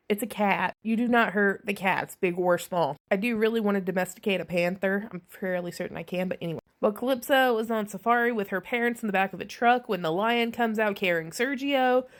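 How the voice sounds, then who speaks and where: A woman giving a casual, sarcastic spoiler recap of a movie, chatty and swearing freely with many asides. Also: on the high side. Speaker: movie reviewer.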